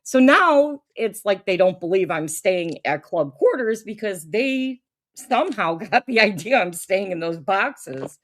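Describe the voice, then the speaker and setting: A woman's voice: medium pitch, very animated, measured pace. A woman hosting a casual chat, telling a long anecdote and laughing often as she goes. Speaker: podcast host.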